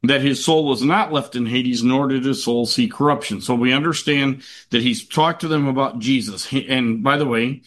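A man teaching a Bible class in a loose, conversational way, stopping and restarting often and reading scripture aloud at a quicker clip. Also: mid-range voice, fairly bright tone, slight background noise.

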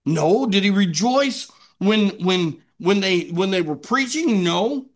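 A man preaching a sermon to a congregation, earnest, asking and answering his own questions and slowing down to read scripture aloud. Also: sits high, expressive. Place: church meeting room with a congregation.

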